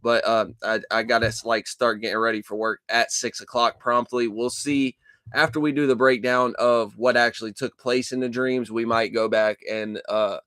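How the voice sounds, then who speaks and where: A man hosting a casual dream-journal vlog from a dark room at his computer, talking into a desk microphone in a rambling, profane way with lots of fillers and restarts. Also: on the low side, smooth, dry recording, studio quality. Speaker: channel host.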